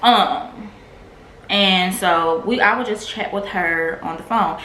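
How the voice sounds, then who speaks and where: A woman's voice: medium pitch, slow pace, sharp tone. A woman vlogger candidly telling a personal testimony in a casual, filler-heavy way. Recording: echoey room with faint noise.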